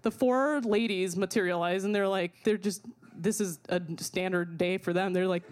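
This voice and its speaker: A young woman telling a personal story in an animated way, full of fillers and swearing, often laughing as she talks. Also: medium pitch, normal speed. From not from America.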